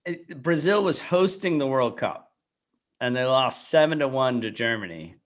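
A man's voice: mid-range voice, lively intonation, moderate pace, fairly bright tone. A man hosting a podcast in casual chat, reading out items and quizzing his co-hosts. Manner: runs the segment, reads out items and asks questions. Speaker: podcast host.

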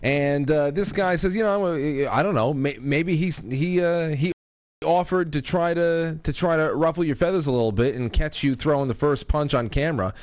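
A man's voice: on the high side, no echo. Co-host who stumbles over his words. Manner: halting, speculative, stammering. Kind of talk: casual chat.

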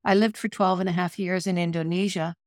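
A middle-aged woman, a podcast guest, telling a personal story in a vivid, animated way over a video call. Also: fairly low pitch, brisk, no room sound, clean studio sound.

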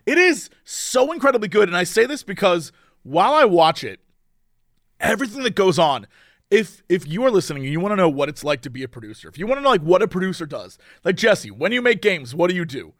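A man with a high, eager voice rambles through a casual podcast chat and laughs often. The sound is close and dry, with no room around it. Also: big pitch swings, fast, no room sound. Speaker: podcast co-host.

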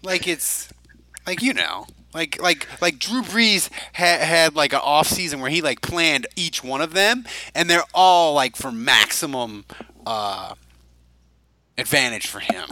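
Male podcast host, casual and rambling, very bright voice, animated pitch. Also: measured pace, no room sound, low-quality recording. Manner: rambling, filler-heavy, restarts often. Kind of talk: casual chat.

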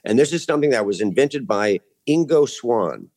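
A man's voice: medium pitch, expressive, moderate pace, a little mellow. A man speaking as a podcast guest in casual chat, earnest and rambling, with frequent restarts, in a studio.

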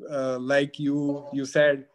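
A man from Punjab, a guest in an interview, talking haltingly with many fillers and restarts. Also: mid-range voice, monotone. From Punjab, India. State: getting emotional. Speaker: guest, advocate. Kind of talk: emotional interview conversation.

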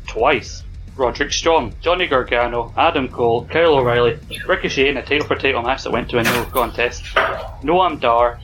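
A man's voice: medium pitch, a bit bright, muffled recording. A man hosting a casual podcast quiz, reading out the questions carefully and bantering between them. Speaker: quiz host.

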